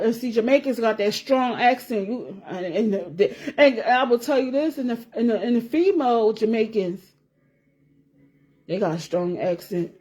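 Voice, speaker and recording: A woman vlogger with a slightly high, somewhat mellow, husky voice chats casually to camera for her viewers. She rambles and repeats herself, swearing freely and laughing as she talks.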